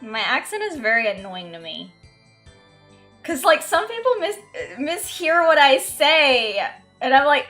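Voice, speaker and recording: A woman's voice: sits high, expressive, measured pace, sharp tone, soft background music. A woman streamer chatting casually while gaming, self-mocking and swearing freely. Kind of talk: casual game streaming chat.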